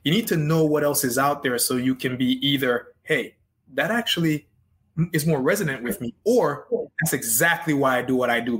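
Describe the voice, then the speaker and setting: Male life coach guest, mid-pitched voice, earnest, emphatic, motivational. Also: fairly bright tone. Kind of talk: interview conversation.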